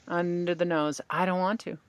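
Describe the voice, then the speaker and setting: A woman hosting a podcast as a tapping practitioner, calmly guiding her guest through tapping points and phrases to repeat. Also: on the low side, moderate pace, no echo.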